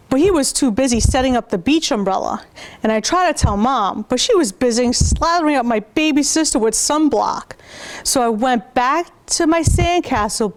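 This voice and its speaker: High-voiced woman storytime reader; reads picture books aloud to preschoolers and stops to show the pictures. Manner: pauses to point out pictures to listeners.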